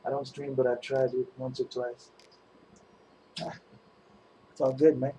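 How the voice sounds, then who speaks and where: A man's voice: mid-range voice, level tone, measured pace, warm tone, slight background noise, rough recording. A middle-aged man hosting a casual painting livestream, rambling in a laid-back way with lots of "man" and "dude" and plenty of swearing. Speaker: livestream host. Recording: music playing behind the voice.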